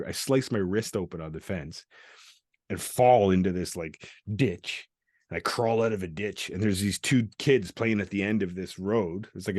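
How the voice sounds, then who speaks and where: A deep, low-pitched middle-aged man from Canada rambles through a story with frequent laughter and profanity. He acts out the voices of the people he quotes. The recording is dry and close. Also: a little mellow, no room sound. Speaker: podcast host. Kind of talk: candid storytelling chat.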